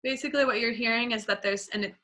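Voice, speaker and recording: Woman voice teacher, bright tone, fairly high voice, relaxed chatty singing lesson. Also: fast talker. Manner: demonstrates sounds with sung vocal examples; relaxed and conversational, with fillers.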